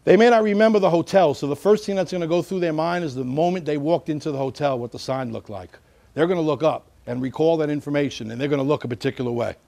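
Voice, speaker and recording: A middle-aged man teaches as a security trainer in a lively, animated way, slipping into short bits of example dialogue. His voice sits a little higher than most men's. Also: fast talker, creaky. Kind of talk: instructional talk.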